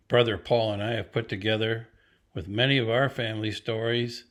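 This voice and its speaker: An older man, a grandfather, casually telling family stories and wandering off with many pauses and fillers. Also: on the low side, fairly even intonation. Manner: meandering, full of pauses and fillers. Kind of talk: casual rambling storytelling. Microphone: battery-powered recorder or phone. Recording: roomy echo.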